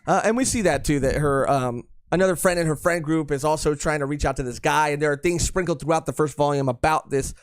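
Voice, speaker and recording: A man's voice: fairly high pitch, fast, few pauses, smooth, dry recording, studio quality. A young man co-hosting a podcast, chatting casually and jokingly with many fillers and restarts. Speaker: podcast co-host. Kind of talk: casual chat reviewing a manga.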